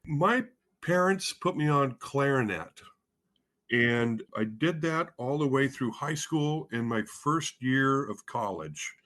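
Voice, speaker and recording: A man's voice: medium pitch, lively intonation, slow pace, fairly bright tone. Guy from spokane chatting in an interview, rambles a lot, says uh and um, pokes fun at himself. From Spokane, Washington. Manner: rambling, self-deprecating, with many fillers and restarts. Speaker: guest, head of bands at a music school. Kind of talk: casual interview talk.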